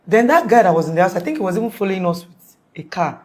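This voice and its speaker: A young woman's voice, mid-range and a little mellow, moves fast with a sing-song lilt. As an interview guest she casually recounts an emergency, rambling, restarting often, and using "like" a great deal.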